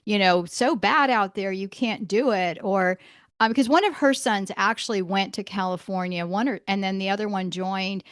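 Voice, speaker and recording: A woman's voice: mid-range voice, moderate pace, smooth, no echo, clean studio sound. A middle-aged woman hosting a podcast interview, telling stories with a lot of laughter and acting out the voices of the people she quotes. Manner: animated storyteller, acts out quoted voices, laughs often. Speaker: podcast host. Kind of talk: casual interview chat.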